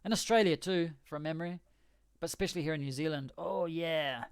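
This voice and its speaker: A man's voice: a little high, fairly quick, clean tone, no echo, clean studio sound. A man chatting casually on a game livestream, rambling, joking and correcting himself as he goes. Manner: rambling, jokey, self-correcting. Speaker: game streamer.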